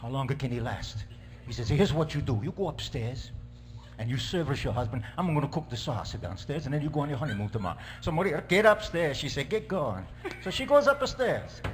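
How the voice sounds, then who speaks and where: A man's voice: mid-range voice, sing-song, brisk, voice pushed down, lightly acted. A man playing a joking Italian priest with a put-on Italian accent and broken English, telling jokes in a comedy sketch. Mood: jovial. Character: joking middle-aged male Italian priest. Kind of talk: stand-up character sketch.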